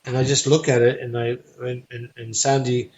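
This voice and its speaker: A man's voice: mid-range voice, moderate pace, slight background noise. A man and stage performer, a guest in an interview, telling a casual anecdote and acting out the people he quotes. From United States. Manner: lively storyteller who acts out the people he quotes. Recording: dull lo-fi recording.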